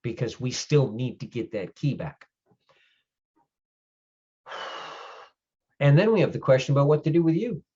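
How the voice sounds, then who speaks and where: A man playing a gruff, grumpy older male changeling lord who speaks bluntly and swears in halting explanations. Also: mid-range voice, sing-song, mellow, lo-fi sound, voice pushed up. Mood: stern.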